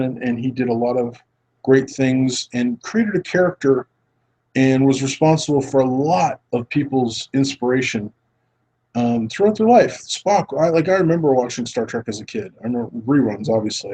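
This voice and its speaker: Male podcast host with a slightly husky voice, chatty and earnest, keeps restarting his thoughts. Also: mid-range voice, dark tone, poor audio. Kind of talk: casual film chat.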